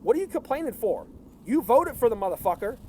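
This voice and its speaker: A man's voice: very high-pitched, big pitch swings, fast talker, dark tone, a little hiss or hum. A man ranting angrily on camera, swearing often, in a clip played from a video. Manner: angry, profane ranting.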